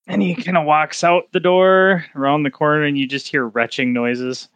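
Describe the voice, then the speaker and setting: A man's voice: on the high side, steady tone, normal speed, a bit bright, clean tone, no room sound, lo-fi sound. A man narrating as game master in a tabletop role-playing game, chatty and loose.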